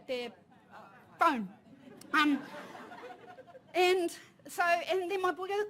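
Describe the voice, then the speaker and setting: A woman with a New Zealand accent, in her thirties or forties, telling a personal story at a conference, lively and laughing, with Māori phrases mixed in. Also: very high-pitched, drawn-out words, long pauses. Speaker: panel speaker. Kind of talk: storytelling talk. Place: conference room.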